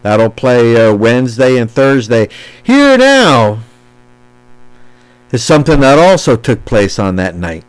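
Lively, animated male preacher. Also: mid-range voice, slow pace, low-quality recording. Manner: animated preaching, reading scripture aloud with emphasis. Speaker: pastor. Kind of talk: sermon.

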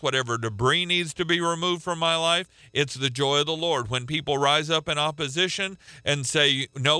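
Guy preaching on the radio, really punchy sharp voice, dry close sound, hammers lines twice. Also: mid-range voice, clear, resonant tone, no echo. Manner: emphatic, repeats key phrases, slows to stress words. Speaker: radio Bible teacher. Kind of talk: radio sermon.

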